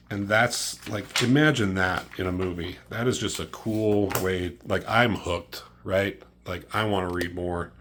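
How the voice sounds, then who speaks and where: Male comic reviewer, fairly low-pitched, loose and profane, excitable play-by-play recap. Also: unhurried, noisy background. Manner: profane, excitable, filler-heavy retelling.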